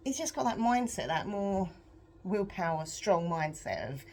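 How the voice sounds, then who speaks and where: A young adult British woman chatting in a rambling, self-deprecating way on a home vlog, her voice a bit croaky, laughing often. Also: medium pitch, lively intonation, moderate pace, a little mellow, a little hiss or hum. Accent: British English. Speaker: vlogger. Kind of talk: casual confessional vlog chat.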